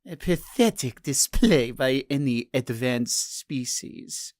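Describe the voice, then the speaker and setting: A man's voice: high voice, big pitch swings, a little slow, no echo, studio quality, pitched above the performer's own voice. A thin, chirping alien underling reports from a starship bridge. The voice sits far above a normal man's and swings up and down with eager energy. It crackles like a ship's comm channel. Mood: eager reporting.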